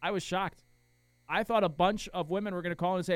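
A man hosting a sports talk show, reacting to radio clips in an animated, incredulous, rambling way. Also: high-pitched, fast talker, smooth, dry recording. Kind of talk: casual sports commentary.

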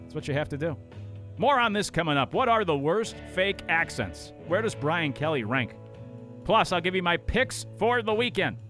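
A man's voice: high voice, animated, moderate pace, a bit bright, soft background music. A man hosting a sports talk radio show, chatty and opinionated, talking into a studio microphone.

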